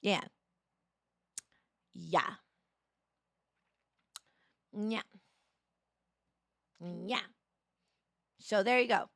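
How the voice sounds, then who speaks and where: A young woman streamer chats casually with a low-leaning voice that sounds tired and in need of rest, drawing out words and pausing often. She greets viewers by name with sudden bursts of excitement, recorded with studio quality and no room sound.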